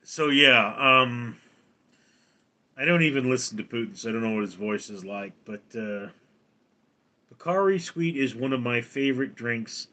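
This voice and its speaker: A man hosting a casual livestream, rambling with halting restarts. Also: medium pitch, lively intonation, bright, forceful tone. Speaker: livestream host.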